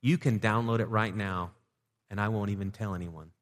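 A man's voice: fairly low pitch, fairly even intonation, moderate pace. A man preaching a sermon as pastor in a loose, conversational way with playful asides. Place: church sanctuary. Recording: reverberant church hall.

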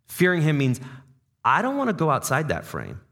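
A man's voice: on the high side, wildly swooping pitch, moderate pace, a bit bright. A man preaching a sermon as pastor to his congregation. He talks in a conversational way, asks the room questions, repeats words as he thinks aloud and drops in dad jokes. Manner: jokey dad-joke asides. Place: church service before a congregation.

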